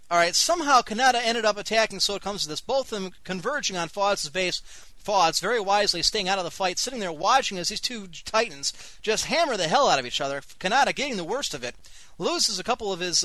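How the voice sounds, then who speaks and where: A man's voice: sits high, sharp tone, no room sound. A man hosting an online radio show, giving live commentary on a strategy game with wry, sarcastic asides. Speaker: host and game caster.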